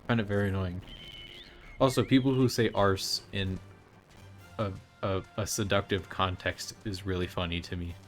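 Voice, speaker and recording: Young male streamer, slightly low voice, opinionated rambling, game music in the background. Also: fairly even intonation, moderate pace. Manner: chatty, opinionated, rambling with restarts. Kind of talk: casual live-stream chat while playing.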